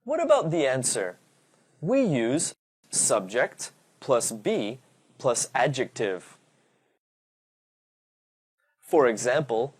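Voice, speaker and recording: A man's voice: mid-range voice, big pitch swings, takes it slowly. A man teaching English grammar in a recorded online lesson, explaining patiently with examples.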